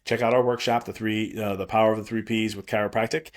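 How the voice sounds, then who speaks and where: Man, low voice, podcast host, chiropractor, rambling, reassuring, self-correcting. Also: little pitch movement, quick pace. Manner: rambling, reassuring, frequent restarts and fillers. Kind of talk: solo podcast monologue.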